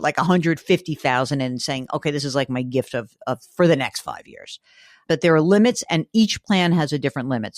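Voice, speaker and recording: A woman's voice: low voice, no room sound. An enthusiastic woman hosts a money advice podcast, her voice rising and falling a lot as she chats. The sound is dry and close, with no room around it. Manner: animated, enthusiastic, talks in quick asides. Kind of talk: casual podcast chat.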